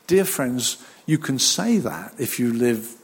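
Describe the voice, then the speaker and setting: A man preaching a sermon as a pastor, lively and animated, who acts out the voices of the people he talks about. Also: mid-range voice, slow, breathy edge, long reverb tail.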